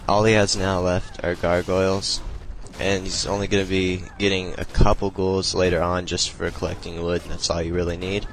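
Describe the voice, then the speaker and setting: A young man with a deep voice and very little rise and fall talks through a strategy game replay at home. His explaining is loose and rambling, full of fillers and restarts. A faint hiss sits under the recording. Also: flat delivery, moderate pace, few pauses, rough recording. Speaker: replay commentator. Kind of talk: casual strategy game commentary.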